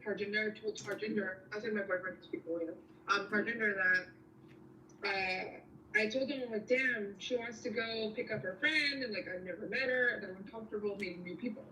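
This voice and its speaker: A woman's voice: medium pitch, bright, forceful tone, roomy sound, distant mic, slight background noise, poor audio. A young woman telling a story in casual chat, rambling and slangy with lots of fillers.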